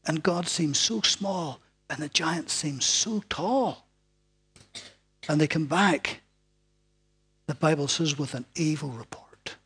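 A man preaching a sermon in a dramatic way, moving from loud, emphatic lines down to hushed, almost whispered ones. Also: on the high side, slow pace, pauses often, slightly rough.

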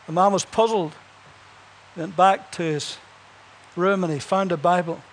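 A man's voice: high voice, steady tone, slow pace, slight background noise. A man preaching a sermon, telling Bible stories and building to emphatic punchlines, with chuckles between points.

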